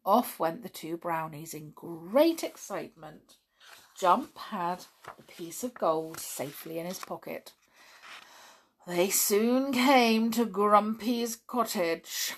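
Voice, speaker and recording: Slow gravelly woman reading a story. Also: on the low side, animated. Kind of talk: children's story read aloud.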